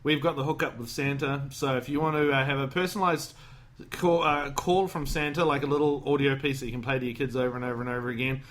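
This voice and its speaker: A man's voice: medium pitch, level tone, quick pace, fairly bright tone. A man hosting a podcast, rambling and joking in casual chat, acting out lines from a movie. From Australia. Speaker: podcast host.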